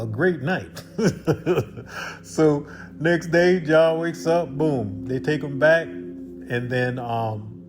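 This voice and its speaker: A man telling a spiritual parable in a loose, conversational way, with asides to his listeners. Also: medium pitch. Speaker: storyteller. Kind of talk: casual spoken parable.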